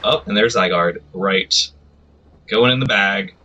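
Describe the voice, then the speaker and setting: A man's voice: fairly low pitch, measured pace, sharp tone, dull audio, a little hiss or hum. A man live-streaming a video game, chatting casually and rambling to himself with self-deprecating remarks.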